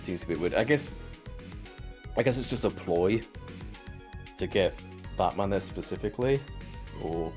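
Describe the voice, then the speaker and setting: A man's voice: deep voice, lively intonation, moderate pace, pauses often, faint music behind. A man co-hosting a podcast, casually recapping a cartoon episode in a rambling way with lots of fillers and the odd swear word. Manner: rambling, frequent fillers and swearing, laughs while retelling scenes. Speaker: podcast co-host.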